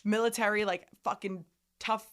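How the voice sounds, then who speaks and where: A woman's voice: medium pitch, steady tone, moderate pace, a bit bright. A young woman co-hosting a podcast, talking candidly in casual chat, swearing freely and laughing often. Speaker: podcast co-host.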